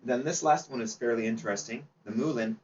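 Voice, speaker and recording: A man's voice: mid-range voice, a little fast. Man, chatty seminar presenter quizzing the room; distant, muffled room recording. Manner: chatty, asks the audience questions, laughs easily. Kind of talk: informal slide presentation to a club audience. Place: meeting room. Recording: distant, dull, faint background noise.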